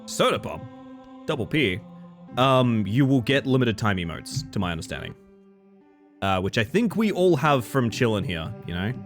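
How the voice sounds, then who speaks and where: An Australian man commentating his own horror game stream, his pitch leaping up and down as he jokes with his chat. He rambles and mocks himself, flipping between silly bits and dry asides. Faint music plays underneath him. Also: normal speed. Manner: playful, rambling, self-mocking, swings between goofy and deadpan. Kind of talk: casual live-stream commentary.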